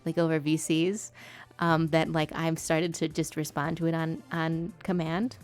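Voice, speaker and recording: A woman's voice: sits low, flat delivery, a little slow, soft background music. A young woman streamer chatting casually and rambling while she paints, laughing often and filling gaps with ums and likes. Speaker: art streamer.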